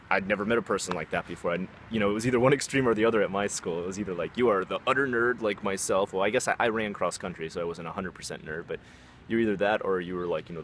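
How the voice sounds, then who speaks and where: A young man with a deep, low voice tells a personal story in a casual, rambling way. He pads his sentences with fillers and drifts into asides. A faint hiss sits under his voice.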